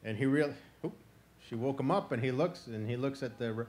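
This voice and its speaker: A man from Florida telling a traditional animal tale live to an audience, conversational and animated, breaking into chanted song. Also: mid-range voice, moderate pace. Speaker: storyteller. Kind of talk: live oral folk storytelling.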